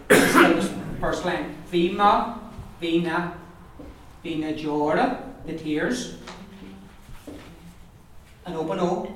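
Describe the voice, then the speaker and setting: A woman teaching a language class, patiently repeating words slowly for her learners. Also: lowish voice. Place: classroom or meeting room. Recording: roomy echo, mic far off, class noise behind.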